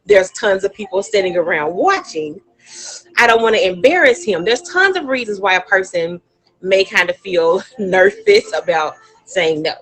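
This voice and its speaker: Bubbly woman hosting a lively live stream. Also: medium pitch, moderate pace. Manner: bubbly, chatty, laughs often. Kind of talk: live-stream chat with viewers.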